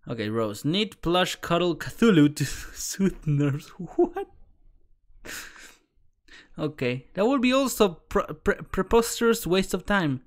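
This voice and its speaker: A man reads a webcomic aloud for a live stream, close on a desk microphone. His voice sits a little on the high side for a man, and he stumbles over odd words, doubles back, laughs and drops the odd curse along the way. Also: sing-song, takes it slowly.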